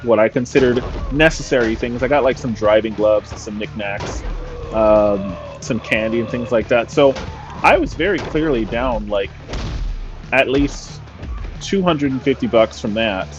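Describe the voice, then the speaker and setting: Brief: wry, swearing male storyteller from California, mid-pitched, over gameplay, on slightly dull audio with faint music behind. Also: unhurried. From Sacramento, California. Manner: casual, profane, wry. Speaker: gaming storyteller.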